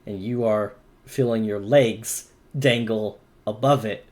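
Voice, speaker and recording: Slow, dramatic game master, man. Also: medium pitch, fairly bright tone. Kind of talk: narrating a tabletop game.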